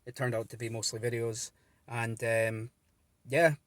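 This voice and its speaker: A man's voice: mid-range voice, flat delivery, measured pace, fairly bright tone, dry recording. Earnest, rambling man talking in a car. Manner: earnest, rambling, many ums and restarts. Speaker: vlogger running a gambling support page. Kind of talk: casual talk to camera. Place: inside a car.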